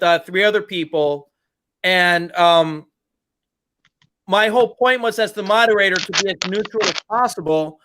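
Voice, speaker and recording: A man's voice: high voice, sharp tone, slight background noise. A man co-hosting a podcast in casual chat, rambling with lots of "like". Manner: rambling, hedging with "like". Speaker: podcast co-host.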